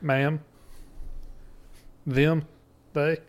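A man, talking in a casual podcast chat. His voice sits somewhat high for a man. He is blunt, swears freely and laughs often. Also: level tone, drawn-out words. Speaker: podcast co-host.

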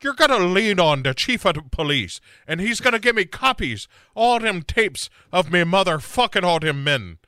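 A man doing a brash young Irish woman who talks like she's running a con, her voice pitched up and pushing hard. She is conspiratorial and pushy, lively and bright in tone, and she sounds close and dry. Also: moderate pace, hardly any pauses, no room sound, heavily acted. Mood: scheming.

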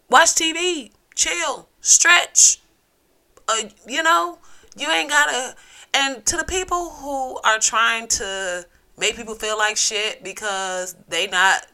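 A woman's voice: fairly high pitch, bright, forceful tone. A woman hosting a solo podcast, ranting in a blunt, profane, sassy way. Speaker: podcast host.

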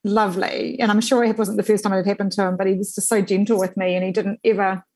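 A woman spins her work stories in an easy, conversational way. She talks at a middling pitch, stacking fillers and quick restarts as the anecdotes roll out. She sounds like a journalist being interviewed about her career. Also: poor audio. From New Zealand. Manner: animated anecdotes with frequent fillers and laughter. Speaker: journalist guest.

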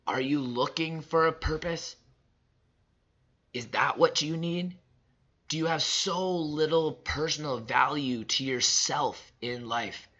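A father in his thirties shares personal reflections in a motivational monologue, emphatic and repetitive, swinging between loud and soft. His mid-range voice is husky, and the highs are cut off.

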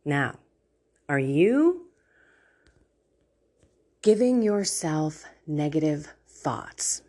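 Woman host, low husky voice, slow, animated faith storyteller. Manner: animated storytelling, laughs often. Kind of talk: casual faith talk.

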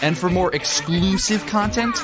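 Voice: mid-range voice, normal speed, music in the background. An announcer reading a scripted, upbeat outro promotion for a show.

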